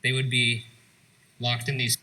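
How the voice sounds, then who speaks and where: Bright-voiced man narrating a prison tour. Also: medium pitch, completely flat delivery, unhurried, a little hiss or hum, poor audio. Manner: dry, matter-of-fact, swears casually. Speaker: show host, guide. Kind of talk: documentary narration and banter. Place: old prison cell block.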